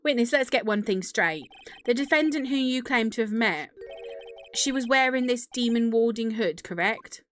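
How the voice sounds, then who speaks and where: A woman's voice: a little high, lively intonation, moderate pace, fairly bright tone. Woman voicing a young male lawyer, confident, pointed, faint music behind.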